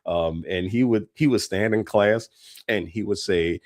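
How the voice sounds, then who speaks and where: A man giving a leadership keynote as a story, animated and repeating words for emphasis. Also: on the low side, a little slow. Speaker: keynote speaker.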